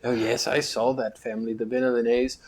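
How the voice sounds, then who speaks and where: A woman's voice: extremely low pitch, level tone, brisk, heavy background noise. A woman acting as game master on a live tabletop game, playing a haughty noble with mock courtesy. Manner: plays a pompous noble with a haughty put-on courtesy. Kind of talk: live tabletop game narration and role-play.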